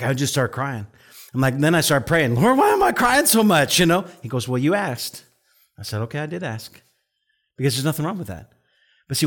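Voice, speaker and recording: A middle-aged man, a pastor, preaching in a chatty storytelling way, his voice jumping up for quoted outbursts and dropping soft and low on serious points. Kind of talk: conversational sermon.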